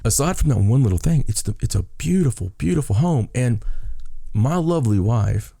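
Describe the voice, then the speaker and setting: A man's voice: mid-range voice, lively intonation, normal speed, vocal fry, dark tone, no room sound, clean studio sound. A man co-hosting a podcast, telling stories in a rambling casual way, repeating and restarting words. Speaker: podcast co-host. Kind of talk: casual chat, storytelling.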